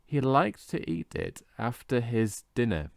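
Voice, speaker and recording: A man teaching English vocabulary in a scripted lesson, slowly and carefully modelling how each word is pronounced. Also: medium pitch, very animated, no echo, studio quality. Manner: slow, careful modelling of pronunciation.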